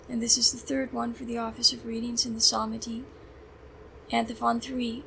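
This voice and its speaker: Flat, gravelly woman reciting psalms. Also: on the high side, a little hiss or hum, low-quality recording. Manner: measured, even liturgical recitation. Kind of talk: reciting psalms and liturgical prayers.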